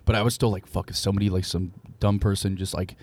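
Fast-talking young man, casual and excitable. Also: deep voice. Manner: fast, excitable, swears a lot. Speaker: podcast host. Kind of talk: casual chat.

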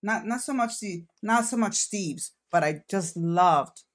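A woman's voice: medium pitch, a little slow. A middle-aged woman, mother of one of the hosts, gushing enthusiastically in a casual review chat. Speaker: panelist, mother of a co-host.

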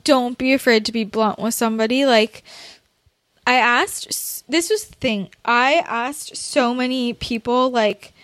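A woman's voice: on the high side, measured pace, a bit bright, no echo. A young woman hosting a candid conversation, talking bluntly and ramblingly with many fillers and laughing through tears.

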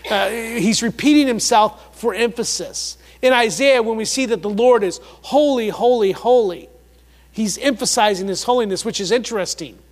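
A pastor delivers a sermon in a notably high voice for a man. He leans hard on key words and repeats them for emphasis, swinging between loud passages and hushed ones. The sound carries a long reverb, as if recorded in a large church hall. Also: moderate pace.

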